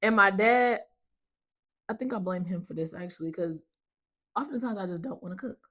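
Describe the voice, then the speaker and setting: A woman's voice: medium pitch, moderate pace. A young adult woman co-hosting a podcast, chatting casually and telling stories with frequent laughs. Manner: laughs often, animated storytelling, African American vernacular. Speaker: podcast co-host. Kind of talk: casual chat.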